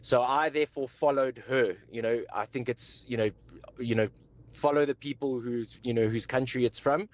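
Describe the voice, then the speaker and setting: A man's voice: mid-range voice, fairly even intonation, normal speed. A man leaving a radio show a hesitant message full of fillers. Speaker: radio caller.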